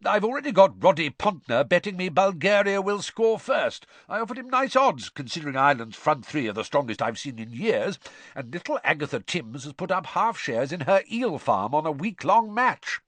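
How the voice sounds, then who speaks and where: A man voicing an excitable, burly middle-aged sports official who talks loudly and heartily in an audiobook reading. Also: a little high, normal speed, no room sound, voice pushed up. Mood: eager. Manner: loud, hearty, bouncy.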